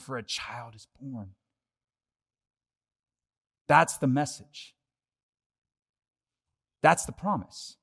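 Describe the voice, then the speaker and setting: A young adult man, a pastor, preaching a conversational sermon that moves between lively asides and hushed, earnest points. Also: on the high side.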